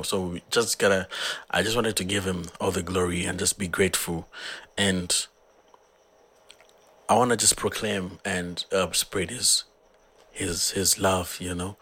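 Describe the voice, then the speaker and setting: A hoarse man from Zambia, earnestly talking through his own song in a casual, rambling way. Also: low-pitched, fairly bright tone. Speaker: musician.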